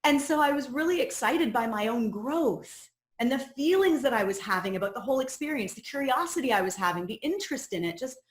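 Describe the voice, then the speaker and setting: Woman coach with a somewhat high voice, teaching a course in an earnest, personal way, recorded with room echo. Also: animated, fairly quick, hardly any pauses. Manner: earnest and personal, sharing her own story. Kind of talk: reflective teaching talk. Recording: roomy echo.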